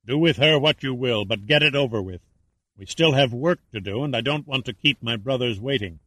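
A man's voice: mid-range voice, fairly quick, fairly bright tone, no echo, close to an everyday voice, poor audio. A man doing a cool, indifferent villain. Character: detached, indifferent male villain.

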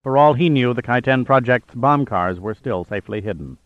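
A man reading a thriller audiobook in a measured, even narration. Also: medium pitch, no echo, dull audio. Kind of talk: scripted narration.

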